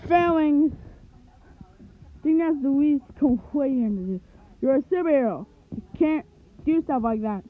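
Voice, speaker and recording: A woman plays a bossy male superhero who lectures with weary exasperation, in a fan cartoon. The voice is slightly high and recorded thin, like over a phone. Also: unhurried, pauses often. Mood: exasperated. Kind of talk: fan animation voice acting. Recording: tinny lo-fi home recording.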